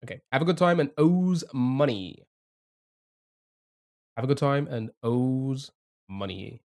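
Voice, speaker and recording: A man's voice: mid-range voice, expressive, slow, a little mellow. A young man streaming a game live, thinking aloud, chatting to viewers and laughing often. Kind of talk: casual live-stream commentary.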